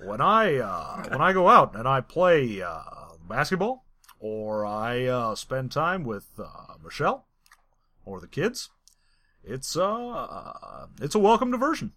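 A man doing an impression of a middle-aged male president, speaking slowly with many pauses and uh's. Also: medium pitch, very animated, sharp tone, voice pushed down, full character voice. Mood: measured. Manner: slow, pausing with many uh's.

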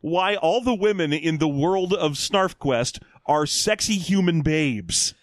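A man co-hosting a podcast in casual chat, animated and mock-ranting with plenty of swearing. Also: fairly high pitch, takes it slowly, dry recording. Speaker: podcast co-host.

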